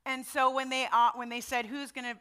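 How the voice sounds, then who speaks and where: A woman's voice: sits high, completely flat delivery, a little fast, sharp tone, clean tone. A middle-aged woman giving a sermon in a personal, conversational way, often checking in with her listeners. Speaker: preacher.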